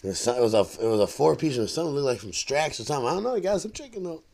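A young man with a gravelly, creaky voice, chatting on a podcast. He tells a story with lots of swearing and swings his pitch up and down. He acts out the sounds himself. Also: very fast. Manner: profane, animated storytelling with voiced sound effects. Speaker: podcast co-host. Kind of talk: casual podcast chat.

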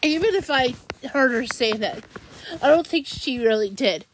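A young woman venting in an upset, halting way, often restarting her sentences. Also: high voice, lively intonation, a little hiss or hum. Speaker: vlogger. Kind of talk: venting monologue.

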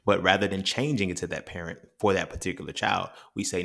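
A man's voice: sits low, steady tone, fast talker, gravelly, sharp tone. A man, blunt and profane, talking through a solo podcast monologue. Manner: blunt, profane, preachy and emphatic. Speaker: podcast host.

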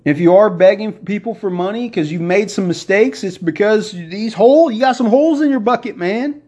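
A man hosting a motivational podcast, preaching excitedly and working himself up as he talks. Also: sits high, normal speed. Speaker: podcast host. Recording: dull lo-fi recording.

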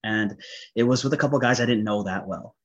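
As a podcast guest, a man tells a personal story casually and with animation, laughing often and saying "like" a lot. He talks fast in a lowish, slightly bright voice, recorded in slightly dull lo-fi audio.

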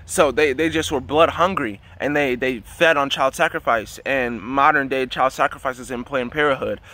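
A man's voice: mid-range voice, normal speed, bright, forceful tone. A man telling a long story in a casual, rambling way, with many fillers and restarts. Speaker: dream teller.

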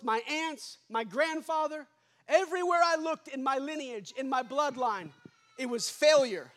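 High-voiced impassioned male preacher. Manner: impassioned preaching with rising shouts and hushed endings. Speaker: pastor. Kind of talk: sermon.

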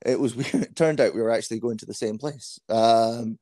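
A man's voice: mid-range voice, brisk, warm tone, dry recording. A man in his thirties with a Scottish accent, a guest telling frank, self-deprecating stories in a casual interview. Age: 30s.

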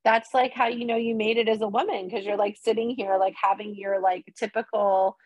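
A woman in her thirties, a podcast guest chatting casually and telling animated stories with lots of fillers. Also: medium pitch, brisk, no echo, highs cut off. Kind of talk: casual chat.

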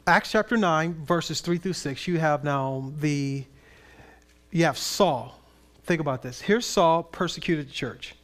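A man preaching a sermon in an animated, conversational way with playful asides. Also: on the high side, unhurried. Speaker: pastor.

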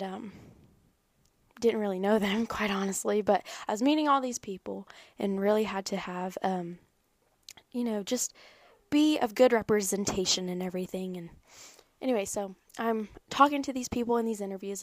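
Young woman, earnest, rambling, conversational faith talk, dry sound, mid pitch. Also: normal speed, no room sound. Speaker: faith vlogger. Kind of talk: personal faith talk to camera.

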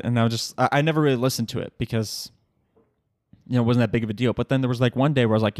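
Speaking quickly in a middle range, a young man rambles through a casual solo podcast rant recorded at home. He curses and laughs at his own tangents in an animated way, and the recording is close and dry.

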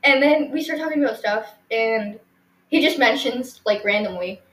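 A woman's voice: fairly high pitch, moderate pace, a bit bright, echoey room, rough recording. A teenage girl hosting a podcast, telling stories in a giggly, rambling way with lots of fillers. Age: teens. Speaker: podcast host. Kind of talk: casual storytelling chat.

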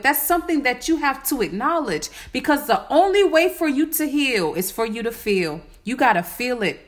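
A woman in her late twenties speaks in a high, bright register. She builds her self-healing talk from short repeated affirmations, one after another. Her delivery is incantatory and encouraging. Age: 20s. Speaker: spiritual vlogger. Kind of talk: motivational self-care talk.

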